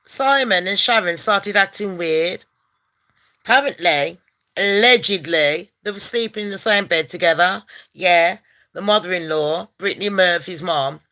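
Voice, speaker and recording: A woman hosts a casual gossip vlog, talking in a brash, profane, rowdy way that bursts into loud rants. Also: fairly low pitch. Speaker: channel host.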